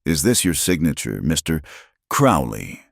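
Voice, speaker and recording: A man plays a stern frontier army major, quiet and cold with firm authority. The voice is deep and dry in a storybook western. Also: very animated, unhurried, gravelly, dry recording, full character voice.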